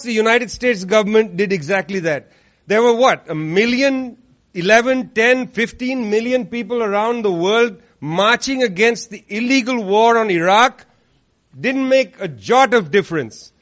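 High-pitched male speaker, sarcastic and punchy, addressing a live crowd; muffled lo-fi sound. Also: fairly bright tone. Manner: sarcastic, emphatic, repeats lines for effect. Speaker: speaker at an activist event. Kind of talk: political speech to a live audience. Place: room with an audience. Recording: dull lo-fi recording.

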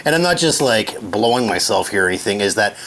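A man telling a story in casual chat, animated and joking, swearing freely. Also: fairly low pitch, quick pace. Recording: noisy with clicks.

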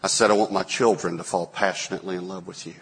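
Male pastor, 40s, low husky voice, animated sermon storyteller. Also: fast. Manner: storytelling, acts out quotes with sudden loud bursts.

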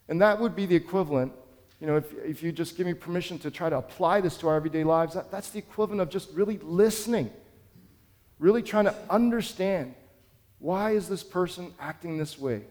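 A man's voice: fairly high pitch, brisk, darkish tone, long reverb tail. A man preaching a sermon as pastor, telling a story in an earnest, conversational way.

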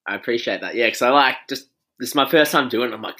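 A man's voice: medium pitch, expressive, quick pace, sharp tone. A young Australian man in his twenties hosting a podcast in casual chat, loose, laughing and swearing often. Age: 20s. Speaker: podcast host.

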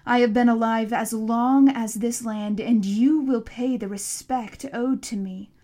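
A woman voicing an ancient, towering male tree monster in an audiobook, speaking slowly, gravely and with command. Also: fairly high pitch, steady tone, mellow, natural voice. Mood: stern. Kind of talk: audiobook character reading.

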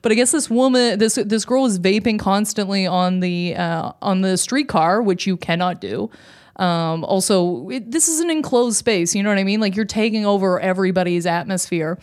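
A woman, co-hosting a podcast and telling lively stories in casual chat, often breaking into laughter. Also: medium pitch, normal speed. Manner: animated storytelling, frequent laughter. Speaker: podcast co-host.

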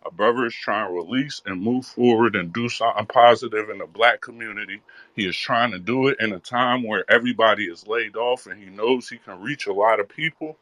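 A man's voice: on the low side, a little fast, fairly bright tone, no room sound. A man speaking earnestly in a live audio chat room, with a repetitive, preaching cadence. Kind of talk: impassioned conversational address.

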